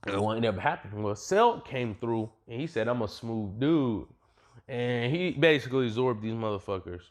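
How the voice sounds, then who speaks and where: A man's voice: medium pitch, animated, fairly quick. Rambling, slangy young man telling a story. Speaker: fan storyteller. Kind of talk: casual fan what-if retelling.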